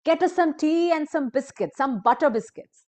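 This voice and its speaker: A woman's voice: sits high, animated, normal speed, darkish tone, pitched above the performer's own voice. A woman doing a gushing rich lady. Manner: gushing, emphatic. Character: excitable rich woman, effusive hostess.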